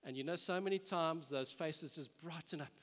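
Man preaching, fairly high voice, earnest and urging, long hall reverb. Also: moderate pace, fairly bright tone. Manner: earnest, exhorting, with frequent restarts. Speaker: pastor. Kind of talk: sermon.

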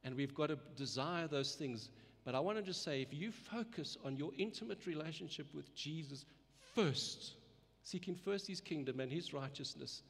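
A man's voice: on the high side, lively intonation, normal speed, creaky, breathy edge. A man preaching a sermon in an earnest way, often repeating words and letting his voice rise and fall for emphasis. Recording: long reverb of a hall.

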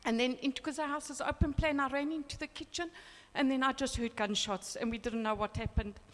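A woman in her fifties giving a personal testimony, telling an animated story and acting out the dialogue. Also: high voice, fairly quick, long reverb tail.

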